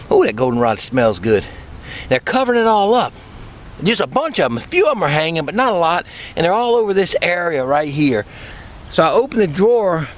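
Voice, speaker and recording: A man, a beekeeper telling a rambling, folksy story outdoors in his bee yard, his voice a little squeaky from the dry air. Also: slight background noise. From Louisiana, USA. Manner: chatty, folksy, rambling with restarts. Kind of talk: casual vlog storytelling.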